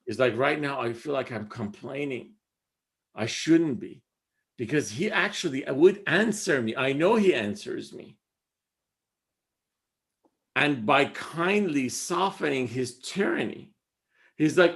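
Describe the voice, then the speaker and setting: Slow, gravelly-voiced man teaching poetry. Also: mid-range voice, sing-song, a bit bright. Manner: reads verse lines, then paraphrases them conversationally. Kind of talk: casual class explaining poetry.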